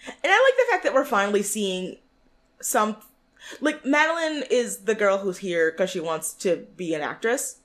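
A woman's voice: medium pitch, moderate pace. A young woman co-hosting a podcast, chatting casually about a reality show, giggly and full of fillers. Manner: animated, giggly, lots of fillers. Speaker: podcast co-host.

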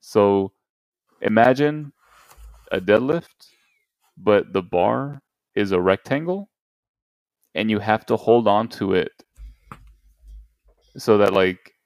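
A young man with a low, gravelly voice, bantering and teasing his friends on a casual podcast. The sound is close and dry, with no room around it. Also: animated, slow pace, pauses often, no echo, rough recording. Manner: joking, teasing, tries silly accents. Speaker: podcast co-host. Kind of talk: casual chat.

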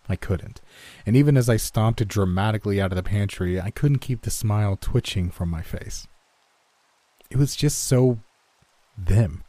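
Brief: male narrator, low and mellow, dry close sound, wry delivery. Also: no echo. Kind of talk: first-person story narration.

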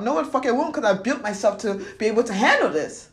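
A young woman vlogging a blunt, profane motivational monologue, swinging between loud ranting and quiet confession. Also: a little high, lively intonation, fast, few pauses.

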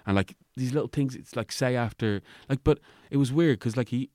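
A man's voice: mid-range voice, brisk, no echo, studio quality. An Irish man telling a story in casual chat, rambling, swearing freely and filling his talk with "like". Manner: rambling, frequent swearing and filler "like"; animated retelling with voiced quotes. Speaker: guest.

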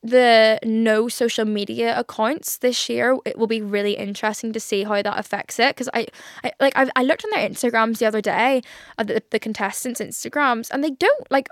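A woman's voice: fairly high pitch, fairly quick, no echo, clean studio sound. A young Irish woman hosting a casual solo podcast, chatty and gushing with lots of "like" fillers. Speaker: podcast host.

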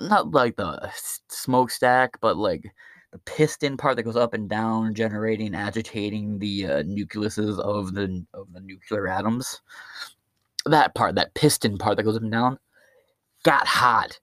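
A man's voice: on the low side, animated, a little slow, a bit bright, no echo, clean studio sound. A man hosting his own podcast, delivering a crude, profane, rambling stand-up style rant. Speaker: podcast host.

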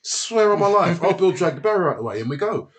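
Lively swearing man telling stories. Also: high voice, fast. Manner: animated, swears a lot, acts out voices. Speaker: podcast guest telling fight stories. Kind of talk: casual storytelling chat.

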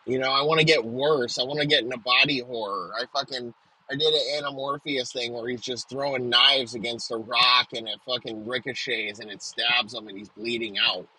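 Bright, husky man in a crude comic rant. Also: mid-range voice, steady tone, low-quality recording. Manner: rapid-fire, crude, profane riffing with frequent restarts. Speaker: comedian. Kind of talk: profane comedic rant.

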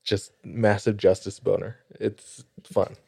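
A man cracking wisecracks in casual conversation. His voice is low and gravelly, with a lot of fry. The sound is dry and close. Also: level tone, darkish tone, no room sound. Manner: jokey, quick with wisecracks. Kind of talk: casual chat.

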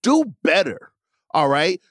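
Brief: male guest, high and animated voice, dry close sound, exasperated rant. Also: slow pace, no room sound. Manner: exasperated, ranting, rhetorical questions. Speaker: guest ranting about his team. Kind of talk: comedic rant segment.

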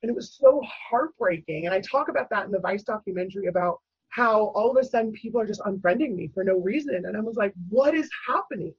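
A woman telling a personal story as a guest, animated and full of fillers, acting out other people's voices. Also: mid-range voice, fast, few pauses, slightly rough, dry recording, lo-fi sound. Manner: animated, acts out quoted voices, many fillers.

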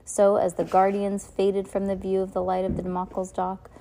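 A woman's voice: medium pitch, completely flat delivery, moderate pace, mellow, a little hiss or hum. A woman reading a novel aloud in a casual way, often restarting lines. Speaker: reader.

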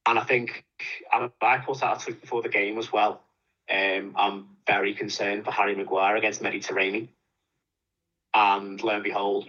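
A man's voice: lowish voice, highs cut off. A man giving opinionated, rambling football punditry in casual chat. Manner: opinionated, animated, rambling with restarts.

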